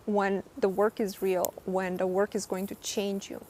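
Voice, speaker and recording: A woman's voice: medium pitch, steady tone, moderate pace, gravelly, few pauses, a little mellow. A woman coaching on manifestation in a live-stream Q&A, reading viewer comments and answering earnestly, often checking in with "right?". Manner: earnest, emphatic, repeats points with "right?".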